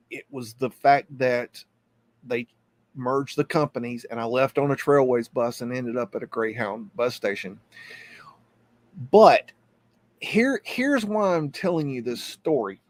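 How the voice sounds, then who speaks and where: A middle-aged man hosting a live stream, telling a personal story in a halting, earnest way. He restarts and repeats words as he goes, and points things out on a map. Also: mid-range voice, lively intonation. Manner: tells the story while pointing at a map on screen. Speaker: host.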